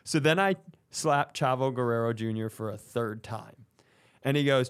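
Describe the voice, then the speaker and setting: A man's voice: mid-range voice, normal speed, clean tone. A young man on a podcast, telling a story in a casual chat and acting out the other people in it with raised voices. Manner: animated, acts out quotes in raised voices. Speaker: podcast co-host.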